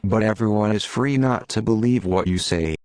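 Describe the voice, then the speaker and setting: A poor, grumbling innkeeper complains in a low, dry voice, as a man reads him aloud. He talks in sighs and sour remarks. The narration stays close and plain. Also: moderate pace, darkish tone, clear, resonant tone, no room sound, lightly acted. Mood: bitter. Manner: complaining, sighing talk. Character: poor male innkeeper, bitter and self-pitying.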